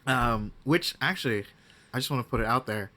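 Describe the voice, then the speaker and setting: A man's voice: medium pitch, pushed and bright. A man talking as a guest game master in a casual podcast interview, chatty, with many restarts and asides. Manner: chatty, frequent restarts and asides, slips into quick impressions.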